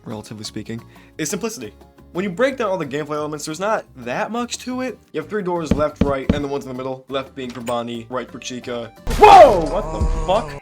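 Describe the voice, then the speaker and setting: A young man giving game review commentary, animated and ranting, with frequent swearing and laughter. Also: fairly high pitch. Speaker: gaming video creator. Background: soft background music.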